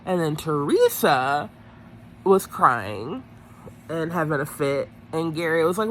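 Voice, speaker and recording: A woman's voice: sits low, big pitch swings, slow pace, a little hiss or hum. A woman chatting casually through a TV episode recap, gossipy and full of "like"s, often correcting herself mid-sentence. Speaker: reality TV recap vlogger.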